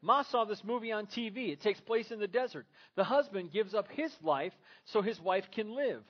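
A man's voice: sits high, lively intonation, normal speed, highs cut off, pitched above the performer's own voice. A man voicing an exasperated young wife who keeps pressing her husband with urgent questions. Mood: insistent.

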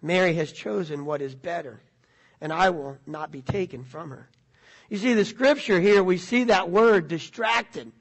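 A man's voice: high voice, a little slow. A middle-aged man, preaching a conversational sermon and asking the congregation questions. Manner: conversational, repeats words, asks the audience questions. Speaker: pastor.

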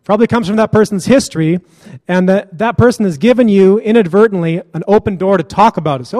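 High-voiced preacher in a reverberant hall. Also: male voice, fast talker, a little mellow. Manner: casual, joking and blunt, laughs often. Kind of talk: sermon.

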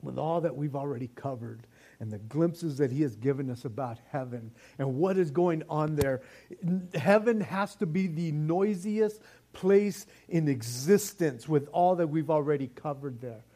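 Older male pastor, fairly high voice, animated joking sermon delivery. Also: normal speed. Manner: animated, joking preacher with many restarts.

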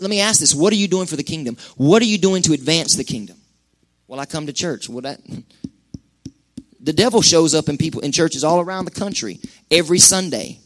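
A man preaches to his church in a relaxed, conversational way. His voice sits a little high, and he swings from loud, pressing bursts to hushed, quiet lines. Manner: impassioned, conversational preaching with sudden loud peaks and hushed drops. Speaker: pastor. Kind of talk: sermon. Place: church sanctuary.

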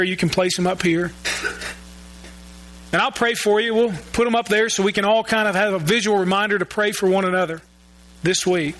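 Male pastor, high bright voice, earnest sermon, stumbles over repeated words. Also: a little hiss or hum, poor audio. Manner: earnest, repeats words while searching for phrasing. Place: church sanctuary.

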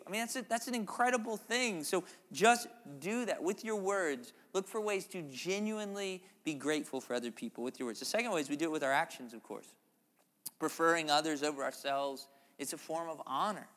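A man preaching a sermon as a pastor, conversational and animated, with playful asides to the congregation. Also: a little high, long reverb tail.

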